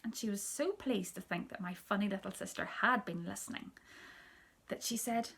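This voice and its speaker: A woman, a teacher, reading a children's story aloud in a soft, hushed storytelling manner that often drops near a whisper. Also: mid-range voice, moderate pace, vocal fry, slightly rough.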